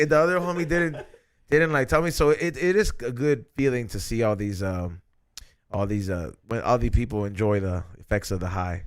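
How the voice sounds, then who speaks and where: A man hosting a casual podcast, telling stories in an animated, slangy way, full of swearing. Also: mid-range voice, moderate pace, clean tone. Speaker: podcast host. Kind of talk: casual chat.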